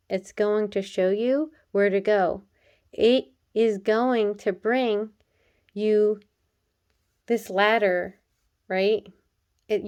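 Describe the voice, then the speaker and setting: A woman of middle pitch talks through an oracle card reading in a relaxed, chatty way. She addresses the viewer directly, earnest and reassuring, with light fillers and the odd laugh. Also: smooth, dull audio. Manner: earnest and encouraging, speaking straight to the viewer. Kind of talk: casual card reading to camera.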